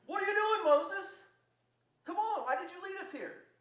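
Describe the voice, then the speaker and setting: A man voicing a panicked crowd of fleeing people, crying out in a high, loud, frantic outburst. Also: animated, normal speed. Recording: roomy echo, voice from afar.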